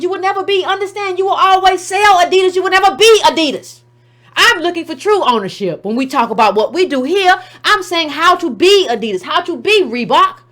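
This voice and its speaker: A woman's voice: high-pitched, fairly bright tone. A woman hosting her own commentary show, arguing emphatically with rhetorical questions and mocking impressions of others. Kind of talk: opinionated commentary monologue.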